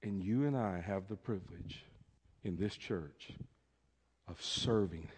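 A male pastor preaching a sermon, acting out a story theatrically and swinging between loud proclamations and hushed asides. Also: low-pitched, slow pace, husky. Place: church sanctuary. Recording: long reverb in a church.

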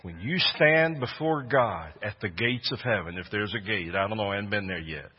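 A man preaches with earnest conviction, rising to loud, fervent peaks. His voice is a touch husky, and the sound is muffled and lo-fi. Long reverb from a large hall trails after his words. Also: on the low side, lively intonation, moderate pace. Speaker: pastor. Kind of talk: sermon.

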